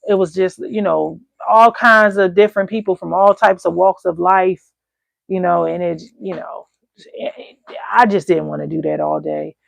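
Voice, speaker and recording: A woman candle-making coach telling stories to her viewers in an animated, colloquial, chatty way. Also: on the low side, normal speed, vocal fry, no echo. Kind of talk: casual storytelling to viewers.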